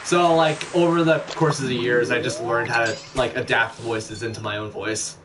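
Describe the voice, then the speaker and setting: A young man in his twenties giving casual gameplay commentary as a streamer, in a low, monotone, self-mocking way. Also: moderate pace, recorded from a distance, crowd noise, low-quality recording.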